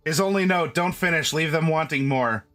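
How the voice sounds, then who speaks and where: A man hosts a live stream, talking casually and directly to his viewers, often restarting mid-sentence. His voice sits high and sounds bright and forceful. Faint music plays behind him. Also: a little slow. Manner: chatty, restarts often, addresses chat directly. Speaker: streamer host.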